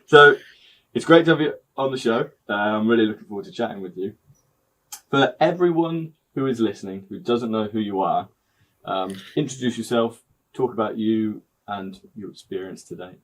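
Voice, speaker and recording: A man's voice: on the low side, moderate pace, a bit bright. Upbeat man hosting a podcast. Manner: upbeat, jokey banter. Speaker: podcast host. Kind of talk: casual interview chat.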